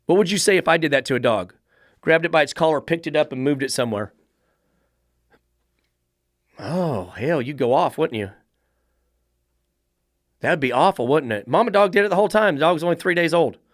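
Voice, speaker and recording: A man's voice: fairly high pitch, animated, fairly quick, pauses often, dry recording, clean studio sound. A middle-aged man, a dog trainer giving a blunt, profane podcast monologue full of rhetorical questions.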